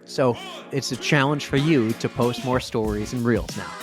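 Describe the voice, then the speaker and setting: A man co-hosting a podcast in casual chat, telling a story and acting out the quotes with big jumps in pitch. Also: normal speed, over music. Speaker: podcast co-host.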